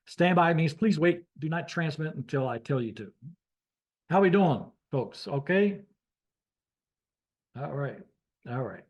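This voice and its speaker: Slow, halting male radio instructor. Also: on the high side, a little mellow. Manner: halting, many fillers and restarts. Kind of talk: classroom lecture.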